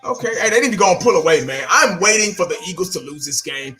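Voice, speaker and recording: A man's voice: high-pitched, lively intonation, fast talker, pushed and bright, soft background music. A man hosting his own channel, ranting bluntly and with profanity, talking straight to his viewers. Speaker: fan channel host. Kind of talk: casual solo rant.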